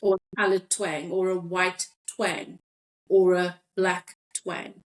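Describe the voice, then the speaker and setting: A woman's voice: fairly low pitch, little pitch movement, slow. A South African woman hosting a podcast, talking things through thoughtfully and reading listener comments aloud. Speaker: podcast host. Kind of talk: casual discussion.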